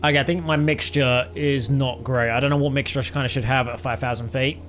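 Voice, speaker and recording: A man's voice: medium pitch, fairly even intonation, fast talker, fairly bright tone, a little hiss or hum. A young British man chatting casually with his live chat while flying a simulator, rambling and laughing often. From Britain. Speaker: flight sim streamer.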